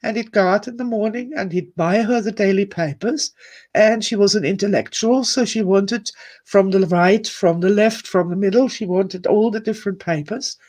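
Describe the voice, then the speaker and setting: A woman's voice: medium pitch, moderate pace, a little mellow. A woman speaking to a summit audience, telling a personal story openly and with feeling. She sighs, laughs and wanders into asides as she talks. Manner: emotional, candid, digressive, with sighs and laughs.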